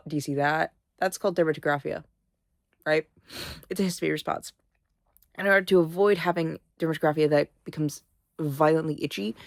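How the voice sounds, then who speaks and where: A sleepy, sniffly young woman vlogs in a casual, rambling way, swearing freely as she yawns and sounds congested. Her voice is low with vocal fry, and the recording is clean studio sound with no room echo.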